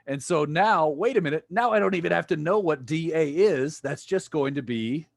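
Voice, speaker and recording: Playful physics lecturer on a video call. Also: male voice, on the high side, expressive, normal speed, vocal fry, dry recording, studio quality. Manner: playful, jokey, quizzes students. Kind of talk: online lecture.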